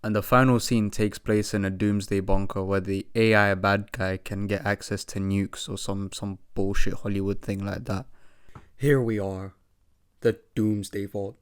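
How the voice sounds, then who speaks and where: A man's voice: fairly low pitch, little pitch movement, measured pace, clean tone, dry recording, clean studio sound. A man giving a casual film review, ranting and swearing as he talks.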